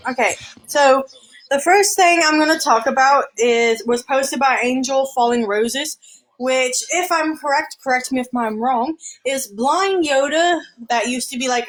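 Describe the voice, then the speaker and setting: Woman, Southern US accent, slightly high pitch, chatty, defensive, rambling, stuffy. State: stuffy, sinuses draining. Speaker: streamer reading and answering posts. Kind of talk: casual chat, reading posts aloud.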